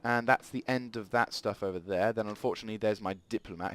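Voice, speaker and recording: A man's voice: on the low side, steady tone, fast, few pauses, no room sound, faint music behind. A man giving rambling let's play commentary at a desk mic, thinking aloud as he plays. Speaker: gaming channel host.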